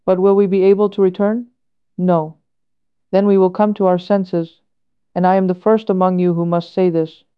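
A woman reads a religious sermon in a solemn, earnest tone, her delivery measured and steady. Her voice sits at a middle pitch and comes across smooth and clear. The recording itself sounds slightly dull and muffled. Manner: measured and earnest, with rhetorical questions. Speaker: reader of a sermon. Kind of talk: slow, solemn read-aloud homily.

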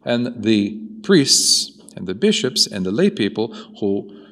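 Male preacher, lowish voice, animated storyteller, long church reverb. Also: slow. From Chicago. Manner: storytelling, animated, rhetorical questions. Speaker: priest. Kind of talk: sermon.

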